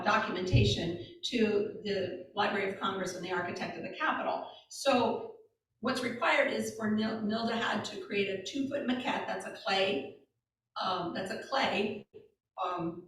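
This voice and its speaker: A woman guest speaker telling stories to a church audience in a chatty way, with many asides. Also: mid-range voice. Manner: chatty, warm storytelling with asides and fillers. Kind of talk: informal talk to a congregation. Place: church hall. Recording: echoey hall, speaker far from mic.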